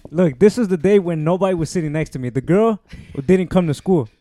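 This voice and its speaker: A man's voice: high voice, fairly quick, mellow, slight background noise. A young man co-hosting a casual podcast chat, telling stories with lots of restarts. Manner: rambling storytelling with restarts. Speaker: podcast co-host.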